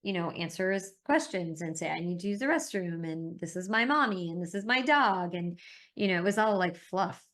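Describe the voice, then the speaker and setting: A middle-aged woman talking as a guest in an interview, telling stories in an emphatic, animated way. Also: fairly low pitch, moderate pace. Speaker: interview guest, parent advocate. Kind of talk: conversational interview.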